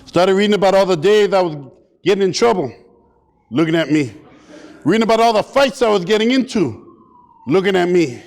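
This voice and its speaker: A man giving a comedic motivational talk at a community summit, animated and playful as he acts out scenes. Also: high voice, brisk, pauses often. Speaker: keynote speaker. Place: large hall at a community summit. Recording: long hall reverb.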